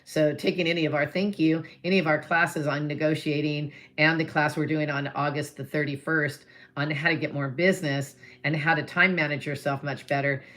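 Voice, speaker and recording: A middle-aged woman real estate agent talking live to viewers, telling a deal story in a chatty way, acting out both sides of phone calls and pitching her classes. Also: fairly even intonation, a little fast, fairly bright tone. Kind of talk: live-stream talk to viewers.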